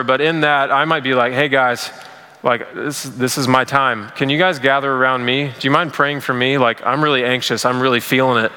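A man's voice: mid-range voice, sharp tone, big-room sound. A man preaching a sermon in a casual, conversational way, full of fillers. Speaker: pastor.

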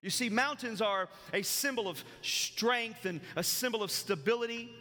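A man preaching a sermon as pastor, emphatic, with dramatic pauses between phrases. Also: high voice, bright, forceful tone, big-room sound.

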